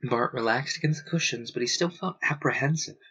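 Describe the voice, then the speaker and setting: A man narrates a novel in a steady, storytelling manner. His voice has a bright, clear tone. The recording is dull and lo-fi. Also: mid-range voice, brisk. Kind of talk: book reading aloud.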